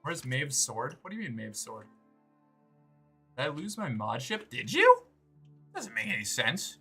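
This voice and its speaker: Animated, profane male game streamer. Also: medium pitch, moderate pace, husky, faint music behind. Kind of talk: live gameplay streaming chat.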